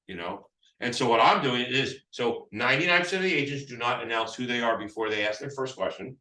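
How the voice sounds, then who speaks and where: In a mid-range, sharp-toned voice with lively intonation and a fairly quick pace, a real estate trainer teaches phone scripts live. He rambles, restarts a lot, and acts out both sides, including the seller. The echoey room is picked up by a distant mic.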